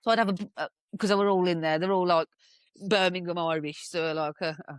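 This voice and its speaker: Frank woman with a low voice. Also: steady tone, brisk, smooth, no echo. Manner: frank storytelling with dark humor, swearing. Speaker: podcast guest. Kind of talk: casual podcast conversation.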